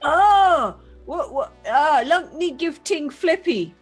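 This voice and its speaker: A woman's voice: high voice, animated, takes it slowly, soft background music. A woman voicing a dim, groggy alien cook who talks in broken, slurred caveman grammar.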